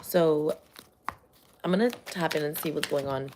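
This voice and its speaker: Low-voiced woman, rambly and profane, casual tarot vlog. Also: unhurried, noisy background. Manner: rambling, profane, animated storytelling. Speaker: tarot vlogger. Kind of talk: casual chat.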